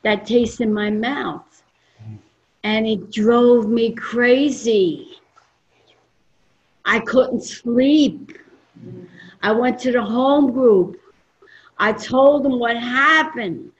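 An older woman from New York gives a personal testimony at a convention. She tells her story in a blunt, emphatic and animated way, and she acts out the lines of the people she quotes. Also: fairly high pitch, very slow, pauses often, muffled recording. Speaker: speaker at a recovery convention. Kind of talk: personal testimony to a live audience. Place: convention meeting room before an audience.

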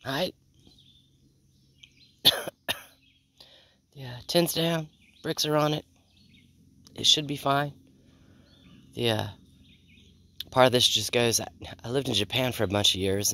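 Winded woman rambling in her garden. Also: a bass voice. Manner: rambling, unhurried, with repeated sign-offs. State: out of breath; feeling unwell. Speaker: homestead vlogger. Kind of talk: casual chat. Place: outdoors in a backyard garden.

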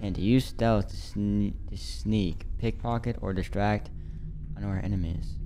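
A man's voice: lowish voice, steady tone, unhurried, warm tone, faint music behind. A man in his late teens chatting casually to viewers as he plays a game. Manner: chatty, slangy, talks to viewers. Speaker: gaming youtuber.

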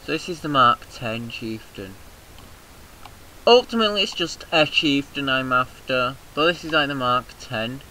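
A British man hosting a let's-play, chattering loosely and breaking into loud rallying shouts and cheerful swearing. His voice is very bright and sharp, a little mucousy in the throat, with a faint hiss behind it. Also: medium pitch, poor audio. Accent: British English. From Britain. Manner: excitable, profane, shouts rallying cries. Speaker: gaming video host. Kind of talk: casual let's-play commentary.

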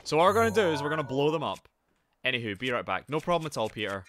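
Guy streaming a game, super animated and bright, swearing and yelping at his chat. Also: mid-range voice, very fast, slight background noise. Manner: excitable, sweary, chatting to viewers. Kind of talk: live gameplay commentary.

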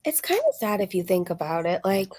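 A woman's voice: mid-range voice, big pitch swings, brisk, a little mellow. A woman hosting a reaction channel, chatty and sarcastic, laughing often, her voice a little strained. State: voice slightly strained from screaming. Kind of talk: casual reaction commentary.

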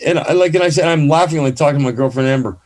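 A man telling a story as a guest musician in a casual chat, animated, swearing freely and restarting often. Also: a little high, very fast.

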